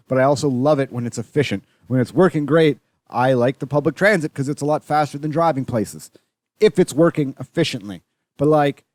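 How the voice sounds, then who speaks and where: A man's voice: mid-range voice, a little mellow, no echo, clean studio sound. Profane ranting man. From Canada. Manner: profane, ranting, swears constantly; rambling with many fillers and restarts. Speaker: podcast host. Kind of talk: solo podcast monologue.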